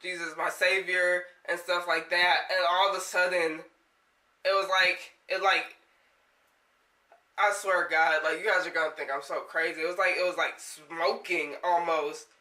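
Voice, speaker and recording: Bright-voiced young woman, echoey room. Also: fairly low pitch, steady tone, moderate pace, far from the mic. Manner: rambling, filler-heavy, swearing, shaken. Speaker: vlogger. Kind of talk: storytelling vlog. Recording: echoey room, set back from mic.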